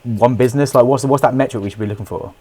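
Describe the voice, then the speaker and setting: A man's voice: mid-range voice, very fast, dark tone, slightly rough. A man hosting a casual interview over a video call, upbeat and full of restarts and fillers. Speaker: podcast host.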